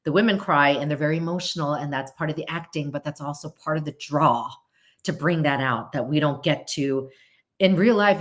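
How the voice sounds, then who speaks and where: A middle-aged woman hosting a podcast, chatting casually and answering viewer questions, often breaking off her sentences and laughing. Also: low voice. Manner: chatty, self-interrupting, laughs easily. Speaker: podcast host.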